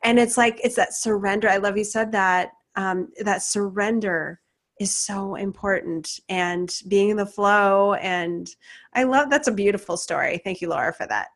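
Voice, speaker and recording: A woman's voice: medium pitch, moderate pace, a bit bright. A woman hosting a casual interview, encouraging, with frequent short acknowledgements. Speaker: host.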